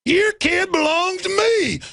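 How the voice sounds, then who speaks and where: A man voicing a sneering male police officer in a mocking, drawn-out way. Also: very high-pitched, gravelly, sharp tone, no echo, voice pushed up, heavily acted. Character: sneering bully of a male cop.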